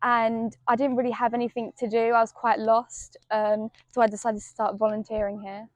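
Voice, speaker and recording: A woman who works at a holiday craft club speaks softly and plainly. Her voice sits a little high with very little movement. The recording is dry and close. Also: level tone, normal speed, dry recording, muffled recording. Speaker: arts and crafts club worker. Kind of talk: casual interview.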